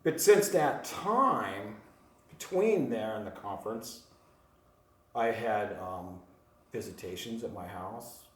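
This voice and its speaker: A man telling a rambling, animated story to a small group in casual chat, laughing often. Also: lowish voice, slow. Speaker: retreat guest telling his story. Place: home on a mountain top. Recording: roomy sound from far off.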